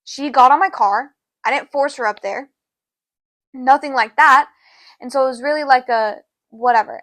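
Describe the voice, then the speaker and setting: Slightly bright and free of echo, this young woman's voice carries a long, meandering personal story on the podcast she co-hosts. She keeps it casual, sprinkling in "low-key" and "da, da, da."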